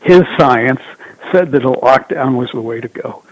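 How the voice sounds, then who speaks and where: A man calling in as a guest commentator, talking in a measured, hesitant way with many fillers. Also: medium pitch, no room sound. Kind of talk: casual political talk. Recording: husky tinny phone line.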